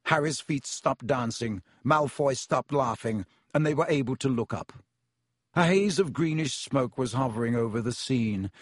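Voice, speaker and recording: A man's voice: mid-range voice, no echo. Man narrating an audiobook, dry close sound. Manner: measured storytelling with voiced characters.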